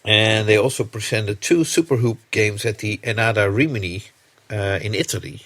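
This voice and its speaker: A man co-hosting a casual podcast, halting and joking, with many fillers, Dutch his first language. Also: lowish voice, a bit bright. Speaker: podcast co-host, magazine editor.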